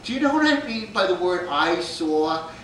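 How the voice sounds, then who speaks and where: A man's voice: high-pitched, sing-song, moderate pace, fairly bright tone, a little hiss or hum. A man doing a blunt, nagging father. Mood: lecturing. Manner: blunt, lecturing. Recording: echoey room from far off.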